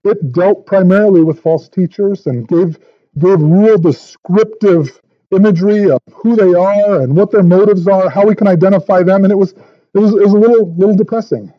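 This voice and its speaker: A man's voice: sits high, normal speed, no echo, dull audio. A male pastor preaching verse by verse in an earnest, thinking-aloud way, often repeating words as he goes. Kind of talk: verse-by-verse sermon.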